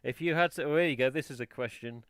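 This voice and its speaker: A man from England hosting a casual live stream, chatty and quick to laugh, saying "yeah" often. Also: mid-range voice, fairly bright tone, clean tone, no echo.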